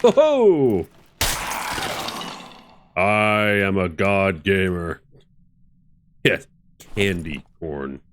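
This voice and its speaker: A man streaming a game, giving casual, excitable commentary with swearing and bursts of laughter. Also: low voice, extremely slow, long pauses, slight background noise.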